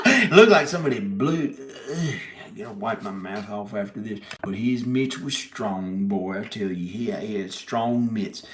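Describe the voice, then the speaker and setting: A man's voice: on the low side, a crowd in the background. Rambling man in an echoey room. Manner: halting, repeats words, giggles often. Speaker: video maker telling a story. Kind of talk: rambling comic storytelling.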